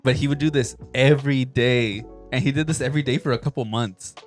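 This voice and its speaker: Chill podcast dude telling a story, cussing casually, normal mid voice. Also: male voice, mid-range voice, fairly quick, faint music behind. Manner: relaxed, swears a lot while reacting. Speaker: podcast co-host. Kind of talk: casual chat.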